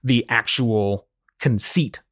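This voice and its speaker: A man's voice: mid-range voice, slow. A man in his fifties, a podcast consultant, giving an emphatic solo teaching talk built around examples from his clients. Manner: emphatic, animated explainer using client examples.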